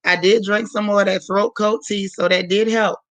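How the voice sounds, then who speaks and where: A hoarse woman hosting a livestream in casual chat, warmly greeting viewers by name one after another. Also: medium pitch, steady tone, moderate pace, dry recording, rough recording. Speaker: livestream host.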